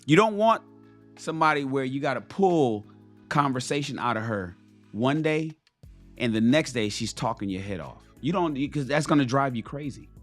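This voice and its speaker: A man's voice: medium pitch, expressive, moderate pace, a bit bright, faint music behind. Blunt, profane man lecturing with emphasis. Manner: emphatic, repeats key phrases for stress. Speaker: host giving dating advice to men. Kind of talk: blunt, profane motivational talk.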